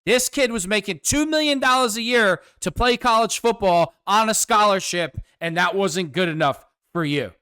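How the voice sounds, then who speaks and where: High-voiced man on a sarcastic rant. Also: moderate pace, few pauses, sharp tone, smooth, no room sound, studio quality. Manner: sarcastic, combative, mocking. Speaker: host. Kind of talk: political commentary rant.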